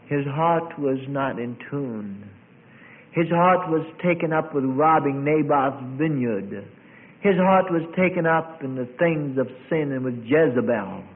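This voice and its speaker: A middle-aged male pastor preaching a sermon, swelling suddenly loud and dropping to a hush. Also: mid-range voice, lively intonation, unhurried. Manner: dramatic preaching with sudden swells and hushed drops. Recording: tinny phone-like sound.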